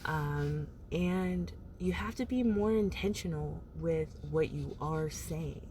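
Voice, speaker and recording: Low-pitched and warm, this woman talks slowly, and there's a slight hiss or hum in the recording. As a motivational vlogger, she offers casual advice to camera in a rambling way, packed with fillers and "like," laughing between ideas.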